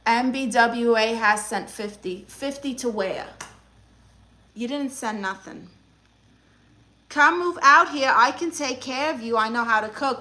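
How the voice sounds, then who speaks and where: Sassy bright-voiced Brooklyn woman. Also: fairly high pitch, a little slow. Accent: Brooklyn New York. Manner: sassy, teasing, flirtatious. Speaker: livestream host playing an aunt therapist. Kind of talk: live stream chat reading.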